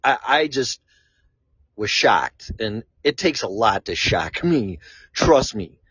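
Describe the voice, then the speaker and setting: A man from Chicago with a fairly low voice rambles through a casual monologue, blunt and quick to swear. The recording is dull and lo-fi, and the sound is dry with no room echo. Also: very animated, a bit bright, slightly rough. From Chicago, USA. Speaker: vlogger.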